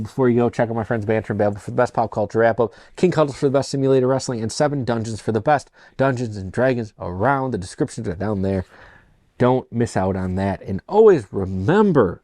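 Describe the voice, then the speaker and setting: A man hosting his own beer review channel, talking in a relaxed, chatty way with rambling asides. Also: medium pitch, a little fast, no echo, clean studio sound. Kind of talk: casual solo review.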